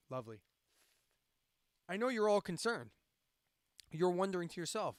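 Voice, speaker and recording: Brief: male stream host from central Pennsylvania, high voice, dead-dry sound, rambling rants with swearing. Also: big pitch swings, measured pace, long pauses, no room sound. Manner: ranting, profane, sarcastic. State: insomniac, drinking coffee late at night. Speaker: live-stream host and radio DJ. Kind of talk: casual chat.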